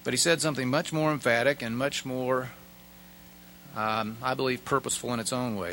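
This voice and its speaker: Man giving a measured, emphatic speech. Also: mid-range voice, fairly even intonation, a bit bright, a little hiss or hum, low-quality recording. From United States. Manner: measured, emphatic oratory with pauses. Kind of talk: formal speech at a prayer breakfast.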